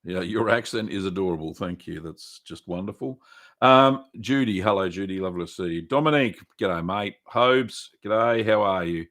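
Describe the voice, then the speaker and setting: A man with an Australian accent hosts a relaxed livestream and reads out viewers' names one by one. He talks in a friendly, rambling way with plenty of fillers. His voice sits fairly low. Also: moderate pace. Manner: chatty, greets viewers by name, many fillers. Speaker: livestream host. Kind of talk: casual livestream chat.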